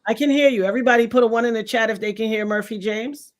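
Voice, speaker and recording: A woman from New York with a New York accent, hosting a casual live stream, effusive and openly religious, giving shout-outs to guests. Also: a little high, fast talker. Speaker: livestream host.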